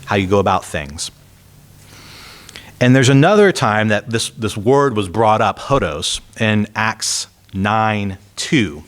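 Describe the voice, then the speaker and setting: A man's voice: lowish voice, lively intonation, slow pace. A man preaching a sermon in a conversational way, reading scripture aloud with emphasis and putting rhetorical questions to the congregation. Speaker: pastor.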